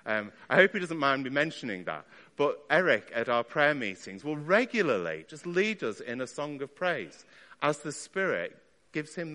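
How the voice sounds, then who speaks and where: A man's voice: fairly high pitch, pushed and bright. Male preacher, chatty sermon delivery, voice ringing in a long church reverb. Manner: conversational, asks the listeners rhetorical questions.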